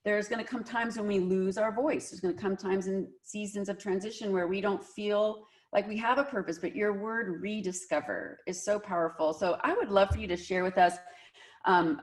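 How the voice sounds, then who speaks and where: A woman hosting a faith-based podcast for women, reading an encouraging intro and then asking her guest questions. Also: mid-range voice. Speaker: podcast host.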